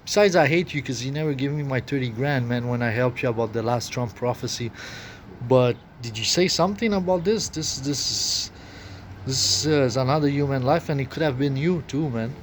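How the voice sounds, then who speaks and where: Rambling man outdoors by traffic. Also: medium pitch. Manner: rambling, halting, many fillers and restarts. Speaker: vlogger. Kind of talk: rambling spoken monologue. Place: camping outdoors by a tent. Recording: noisy outdoor recording with passing traffic. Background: outdoor ambience and vehicles.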